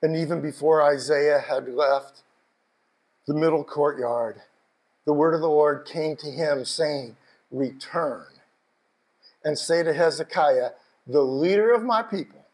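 A male preacher delivering an emotional sermon, moving from hushed reflection to fervent, raised exhortation. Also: a little high, measured pace, low-quality recording. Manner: passionate, building from hushed to shouting.

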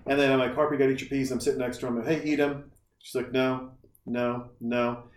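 A podcast co-host with a medium-pitched voice speaks at a quick pace in a casual chat, telling stories animatedly and acting out what people said. The recording has a little hiss or hum, an echoey room, and a distant mic.

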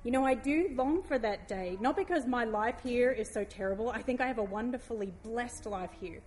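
A woman's voice: on the high side, slight background noise. Heartfelt woman giving a devotional talk. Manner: heartfelt, gently emotional, reads scripture aloud slowly.

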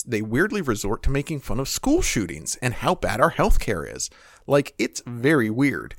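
A man's voice: mid-range voice, dry recording, studio quality. An American man co-hosting a podcast, reading posts aloud and joking with ironic humor and frequent laughter. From United States. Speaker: podcast co-host.

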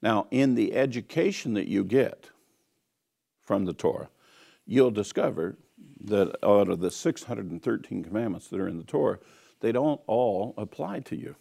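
Gravelly low-voiced man teaching scripture. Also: lively intonation, moderate pace, dark tone. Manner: earnest, emphatic, repeats key phrases. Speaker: Bible teacher. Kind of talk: teaching sermon.

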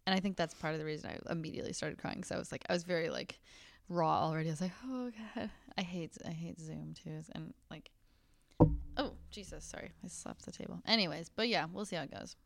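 A woman's voice: low voice, steady tone, quick pace, vocal fry, no room sound. A woman hosting a podcast, chatting candidly and laughing often as she acts out quotes. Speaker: podcast host. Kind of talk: casual chat.

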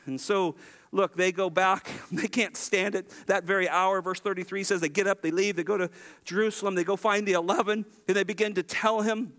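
A man preaching a sermon as a pastor, animated, acting out the lines he quotes. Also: high voice, a little fast.

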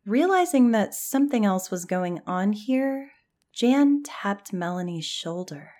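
Brief: unhurried woman storyteller, calm and measured, mid-range voice. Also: medium pitch. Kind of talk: scripted story narration.

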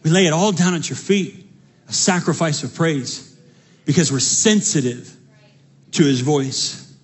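High, husky-voiced preaching pastor. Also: male voice, measured pace. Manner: animated preaching with repeated phrases and stammered restarts. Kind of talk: sermon.

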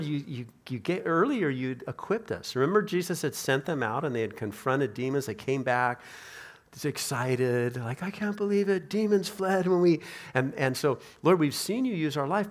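A man preaching a sermon as a pastor, conversational, with restarts and voiced prayers of his hearers. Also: mid-range voice.

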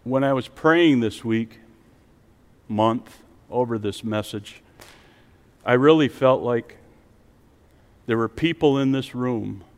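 A male pastor preaching a sermon in a church, rising to emphatic peaks and then dropping to a soft, quiet voice to lead prayer. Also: mid-range voice, takes it slowly, pauses often, big-room sound. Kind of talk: sermon with altar call. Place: church sanctuary with online stream.

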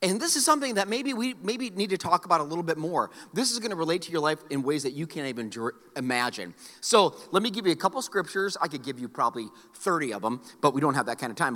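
A man's voice: a little high, expressive, quick pace, fairly bright tone. A middle-aged male pastor preaching a sermon, telling stories with joking asides to the congregation. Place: large church hall. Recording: long hall reverb.

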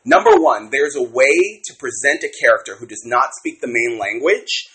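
A man co-hosting a casual podcast, critiquing a book in an animated way, swearing freely and acting out quotes. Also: medium pitch, normal speed, low-quality recording. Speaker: podcast co-host.

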